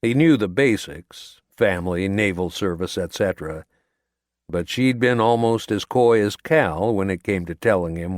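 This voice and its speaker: A man narrating an audiobook in a measured, steady storytelling manner, recorded in a voice-over booth. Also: sits low, no echo, clean studio sound. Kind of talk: scripted narration.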